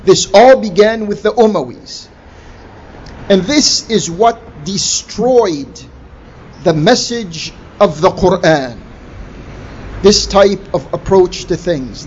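A man preaching a sermon in a slow, deliberate way, stressing key words with emphatic rises. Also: high-pitched, expressive, darkish tone. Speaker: Islamic preacher. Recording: dull lo-fi recording with faint noise.

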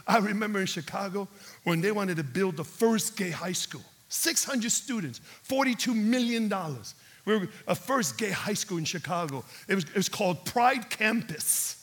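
A male pastor delivers a sermon through dramatic storytelling, dropping to a hush and then surging to a shout. His voice sits high for a man, with a husky, raspy grain and a bright, forceful edge.

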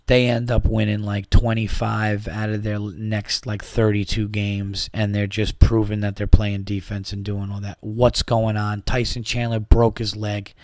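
Exasperated rambling man, flat delivery. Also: on the low side, no echo. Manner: exasperated, rambling, acts out quoted voices. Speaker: podcast host. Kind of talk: comedic rant.

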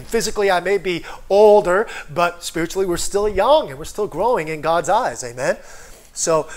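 A man preaching an online sermon with lots of energy, often calling out for an amen and acting out people's inner voices. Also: a little high. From foreigner living in Korea. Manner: energetic, calls for amens, acts out inner voices. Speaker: pastor.

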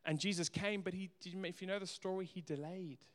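A man's voice: high voice, fairly even intonation, moderate pace. Male pastor preaching in a reverberant hall. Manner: earnest, swings between soft asides and emphatic rises. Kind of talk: sermon.

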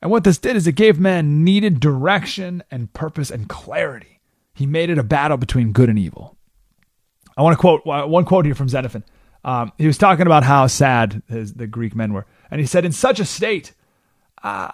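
A man hosting a radio talk show, telling a history story in a casual, lively way and acting out the people's lines. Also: a little high, normal speed, dry recording, studio quality. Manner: casual, animated storytelling, acting out quotes in voices. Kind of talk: radio monologue retelling history.

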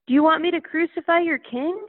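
A woman voicing a stern male Roman governor in a Bible reading, measured and questioning. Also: extremely high pitch, dry recording, pitched above the performer's own voice. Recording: tinny phone-like line.

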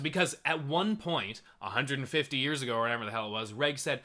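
Bright animated young man. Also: mid-range voice, fast, few pauses. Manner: animated, mock-quotes characters. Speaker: podcast co-host. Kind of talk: casual chat.

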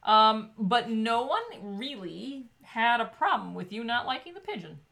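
A woman's voice: on the high side, animated, a little slow, creaky, fairly bright tone. A woman co-hosting a casual podcast chat, playful and teasing with her co-host.

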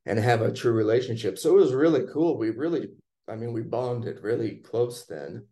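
A man casually telling a personal story in conversation, relaxed and chatty, acting out what people said. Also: medium pitch, normal speed. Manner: relaxed, chatty, acts out quoted lines.

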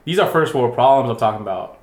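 A young man co-hosts a casual podcast and keeps the talk loose with jokes, swearing and frequent laughter. His voice sits at a middle pitch. The recording has a roomy echo. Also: lively intonation, quick pace. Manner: joking, laughs often, swears. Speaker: podcast co-host. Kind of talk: casual chat.

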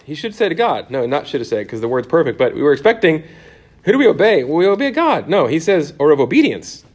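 A man with a higher-pitched voice leads a Bible course for a church class. His delivery is conversational, and he tosses questions out to the room, filling gaps with ums and restarting sentences.

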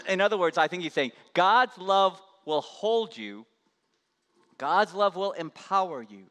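A pastor preaching a sermon in an impassioned, emphatic way, building through repetition. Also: male voice, high voice, animated, slow pace, sharp tone. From United States. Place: church sanctuary. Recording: long hall reverb.

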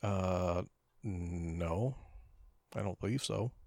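A man's voice: deep voice, very slow, vocal fry. A man co-hosting a podcast in casual chat, crudely teasing his partner. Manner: teasing, crude, deadpan ribbing. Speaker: podcast co-host.

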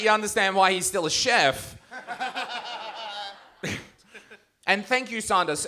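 A man's voice: high-pitched, pushed and bright. A man doing live stand-up on a comedy stage, roasting people in the audience with crude, mocking banter.

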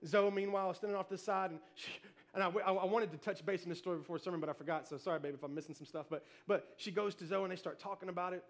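Male pastor, very high voice, animated sermon, shouts then softens. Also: racing. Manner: animated storytelling, shouting cheers then dropping soft.

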